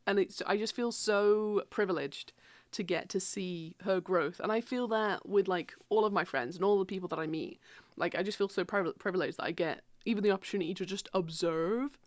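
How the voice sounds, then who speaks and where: With a mid-range voice and no room sound, a thirty-something woman chats casually while streaming from her home PC, swearing freely, staying animated and laughing easily.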